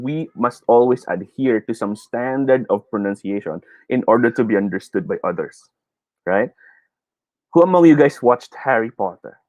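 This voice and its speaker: A man with a Filipino English accent runs a live online speech lesson and reads his viewers' comments aloud. His voice sits at an ordinary mid pitch, and he sounds lively and quick to laugh. The sound is dry and close, with no room echo. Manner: lively, laughs often, mixes Tagalog into English. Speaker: teacher hosting a live online speech class.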